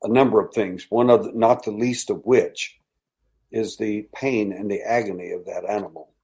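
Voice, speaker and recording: Older man telling a hushed tale. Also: fairly low pitch, fairly even intonation, gravelly, slightly rough, low-quality recording. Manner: halting, hushed dramatic storytelling. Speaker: interview guest, abduction researcher. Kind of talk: storytelling in a podcast interview.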